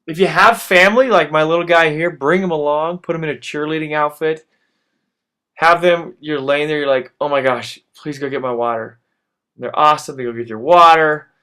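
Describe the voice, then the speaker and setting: A man's voice: fairly high pitch, pushed and bright, clear, resonant tone. A man in his thirties coaching a workout over his own footage, pushing the listener on and panting after the exercises. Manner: urgent encouragement, breathless after exertion. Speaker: fitness instructor.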